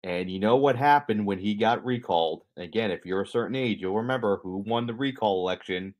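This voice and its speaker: On a podcast, a man with a slightly low, darkish voice talks through a story at a fairly quick clip. He keeps things conversational and slips in jokey asides aimed at his co-host.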